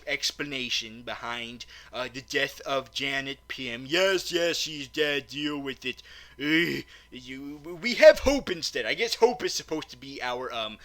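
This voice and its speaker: A man's voice: medium pitch, pushed and bright. A man doing a comedic movie recap, stammering often and breaking into mock-outraged, swearing rants.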